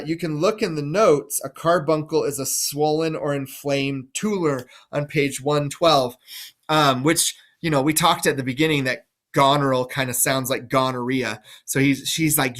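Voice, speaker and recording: A man's voice: on the high side, steady tone, normal speed, a bit bright. Enthusiastic man explaining a play. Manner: chatty, enthusiastic, full of fillers. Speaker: teacher. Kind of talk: casual classroom explanation.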